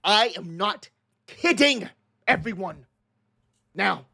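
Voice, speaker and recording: A man voicing a gruff middle-aged male constable facing down an angry mob, stern and commanding. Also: sits high, a bit bright, pitched above the performer's own voice, heavily acted.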